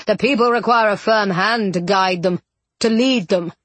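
A woman's voice: medium pitch, moderate pace, no echo, lightly acted. A woman voicing an older aristocratic male villain, smug and condescending, speaking in a silky manner. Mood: menacing.

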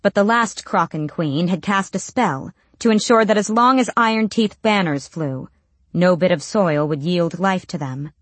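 A woman narrates a fantasy novel in a lowish voice with steady storytelling. The recording is very dry and close, with no room sound. Her delivery stays even as she reads. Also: moderate pace, no room sound. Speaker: audiobook narrator. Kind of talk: scripted narration.

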